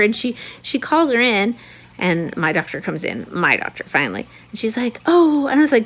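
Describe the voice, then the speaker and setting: A woman recounts a personal story in a casual, chatty vlog style. She is animated and expressive, often acting out what other people said. Her pitch sits in an ordinary middle range for a woman. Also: a little fast. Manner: animated, acts out quoted voices. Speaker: vlogger telling her birth story.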